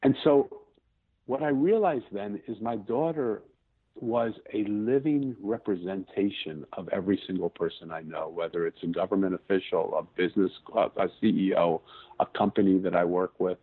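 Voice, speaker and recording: A man's voice: deep voice, moderate pace, husky. A man in his fifties, an interview guest, telling a personal story in an earnest way, often restarting sentences as he searches for words. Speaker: podcast guest. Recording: tinny phone-like line.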